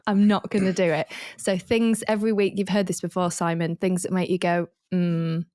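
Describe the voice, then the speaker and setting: A woman co-hosting a casual sports podcast, telling an animated story and laughing often. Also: mid-range voice, a little fast. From Yorkshire, England. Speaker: podcast co-host. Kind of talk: casual chat.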